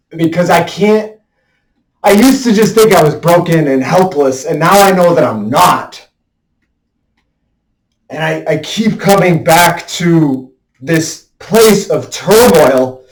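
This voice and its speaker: A man making a self-expression video delivers a raw, emotional monologue indoors, venting frustration in bursts and swearing heavily. His voice is fairly high and measured, recorded through a headset mic in an echoey room.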